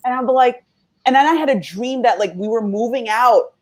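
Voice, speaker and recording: A woman's voice: fairly high pitch, moderate pace. A woman co-hosting a podcast, telling stories in a casual, rambling way. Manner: expressive, rambling storyteller. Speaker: podcast co-host. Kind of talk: casual chat.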